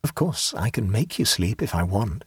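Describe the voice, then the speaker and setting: A man's voice: lowish voice, sing-song, moderate pace, breathy edge, dry recording, full character voice. A man reading the part of a serene, rapturous young man who talks with ecstatic, preaching fervor. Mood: calm. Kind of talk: audiobook character reading.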